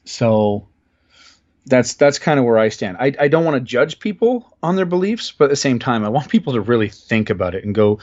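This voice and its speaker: A man's voice: mid-range voice, sing-song, fairly quick, a little mellow, lo-fi sound. A man from Ontario, Canada, a podcast guest in casual conversation, earnest and thoughtful, often searching for words.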